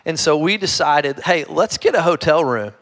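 Chatty Kentucky pastor, slightly high voice. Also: male voice, expressive, moderate pace. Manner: chatty and self-deprecating, with frequent restarts, softening to a hushed tone in prayer. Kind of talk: conversational sermon with humorous stories. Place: church service before a live congregation.

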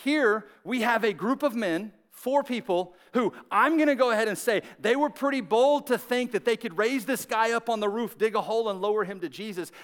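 A man preaching a sermon, telling the story in a lively, conversational way, acting out the characters and often asking "right?". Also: high voice. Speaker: pastor. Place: church service with several campuses.

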